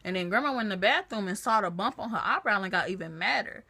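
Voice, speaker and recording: Woman, casual vlog storytelling, chatty, bright tense voice, phone camera. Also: mid-range voice, quick pace, creaky, husky. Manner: chatty, lively retelling with acted-out quotes. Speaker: vlogger.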